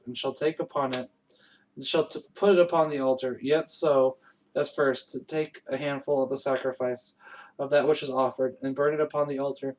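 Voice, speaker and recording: A man's voice: medium pitch, low-quality recording. Man reading scripture with a strained voice. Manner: steady reading with frequent slips and self-corrections. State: recovering voice after allergies. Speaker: Bible reader. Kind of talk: plain Bible reading.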